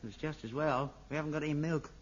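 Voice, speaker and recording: An actor playing a nagging old dad. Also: male voice, fairly high pitch, a little hiss or hum, natural voice. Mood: bickering. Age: older. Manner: wheedling, nosy, quick to panic. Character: nagging old London father, fussy and meddlesome. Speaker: father. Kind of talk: 1960s radio sitcom acting. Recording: dull lo-fi old radio recording.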